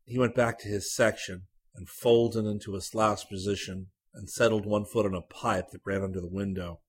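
Husky, low-voiced male story reader. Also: fairly even intonation, moderate pace. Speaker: narrator. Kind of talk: literary short story reading.

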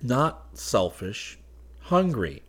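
A man voicing an earnest, lovestruck young man in an audiobook, pleading in a low voice. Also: very animated, very slow, breathy edge, exaggerated voice. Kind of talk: audiobook character voice.

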